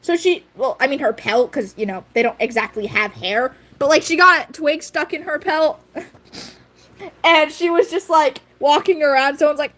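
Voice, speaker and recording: A woman's voice: high-pitched, moderate pace, a bit bright. A woman streamer chatting casually with her viewers, giggly and rambling, with frequent fillers. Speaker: livestream host. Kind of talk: casual livestream chat.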